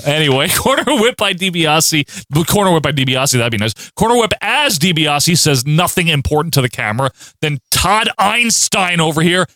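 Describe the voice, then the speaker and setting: A man co-hosting a casual podcast, recapping matches in wry deadpan play-by-play. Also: fairly high pitch, moderate pace, hardly any pauses, no echo, clean studio sound. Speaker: podcast co-host recapping wrestling. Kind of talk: casual chat.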